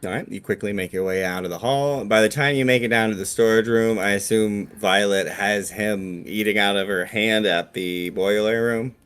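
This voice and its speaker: A man with a somewhat low voice running a live tabletop role-playing game. He narrates the scene in a relaxed, storytelling way and explains the rules as he goes. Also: moderate pace, few pauses, smooth. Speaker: game master.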